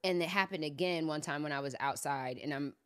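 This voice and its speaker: A woman hosts a relaxed faith-centered conversation in a low voice. She tells her stories with animation and acts out her own past pleas. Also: fairly quick. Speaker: podcast host.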